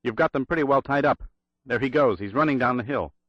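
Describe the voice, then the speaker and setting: A man's voice: medium pitch, brisk, no room sound, lo-fi sound, pitched above the performer's own voice, lightly acted. A man voicing a cool, wry spy in an audiobook thriller, speaking in clipped lines. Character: dry, cool male American spy.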